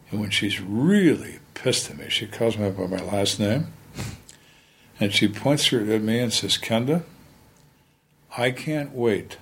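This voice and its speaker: An older man with a fairly low voice tells his stories in a plainspoken, blunt way. He often stops and restarts mid-sentence, and faint background noise sits under his voice. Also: fairly bright tone. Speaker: retired police lieutenant. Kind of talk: storytelling in a conversation.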